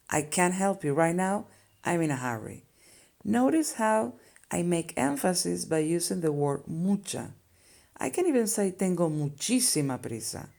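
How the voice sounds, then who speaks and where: Spanish accent lady teaching phrases, slow, patient, kinda gravelly, mellow voice. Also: lowish voice. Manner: patient, explains each phrase step by step. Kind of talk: language lesson explanation.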